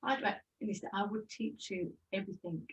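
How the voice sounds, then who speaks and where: A woman's voice: medium pitch, fairly quick, distant mic, low-quality recording. An older woman with a Birmingham accent, telling her life story as an interview guest in a chatty way, often repeating words. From Birmingham, England. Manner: chatty, lively, repeats words as she goes.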